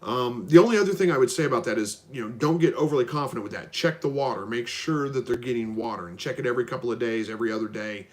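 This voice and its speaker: A man's voice: medium pitch, fast, few pauses. Easygoing male livestream host reading chat. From Southwest Missouri. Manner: easygoing, hesitant with frequent ums and restarts. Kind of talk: casual live Q&A, reading out chat.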